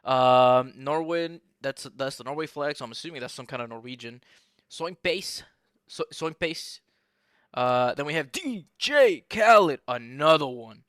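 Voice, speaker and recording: A man's voice: medium pitch, lively intonation, a little slow, a bit bright, no echo, studio quality. A young man giving casual, profane, joking commentary on a sim race while bantering with his live chat.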